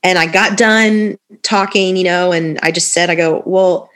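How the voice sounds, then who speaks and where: A woman's voice: on the low side, steady tone, measured pace, a bit bright. A woman in her thirties sharing her personal story in a conversation, candid and rambling, with many fillers and restarts. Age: 30s.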